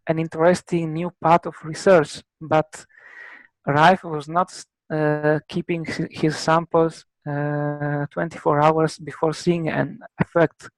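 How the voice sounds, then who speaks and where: A man with an Italian accent explaining a technical subject as a guest expert, halting often with filler sounds. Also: on the high side, no room sound, rough recording. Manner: halting, many filler pauses.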